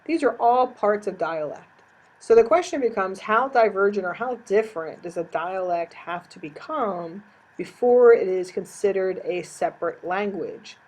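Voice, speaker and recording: A woman's voice: mid-range voice, animated, normal speed, darkish tone, low-quality recording. A woman teacher giving a recorded lecture, explaining terms step by step and repeating key definitions.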